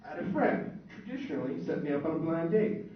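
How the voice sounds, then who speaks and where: A man's voice: fairly high pitch, very animated, fast talker. A young man performing a stand-up comedy set, telling crude, boastful stories and putting on voices for the people in them. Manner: crude, boastful storytelling with put-on voices for others. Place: small club stage. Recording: echoey, distant, dull lo-fi room recording.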